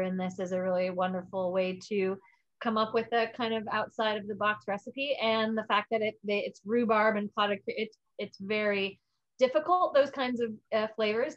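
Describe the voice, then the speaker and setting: A woman chef judging a cooking contest over a video call, measured and a little halting as she gives praise. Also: mid-range voice, dry recording, dull audio. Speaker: chef and guest judge.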